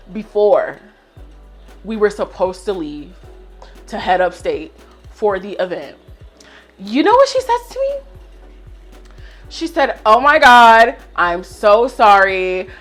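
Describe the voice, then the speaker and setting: A woman's voice: medium pitch, a bit bright. A young woman in her twenties telling a storytime rant to her viewers, swearing and fired up as she vents. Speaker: vlogger.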